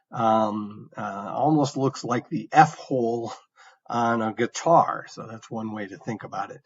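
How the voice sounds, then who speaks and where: A man's voice: mid-range voice, slightly rough, muffled recording. A male university lecturer giving a recorded engineering lecture, talking conversationally with frequent fillers and restarts.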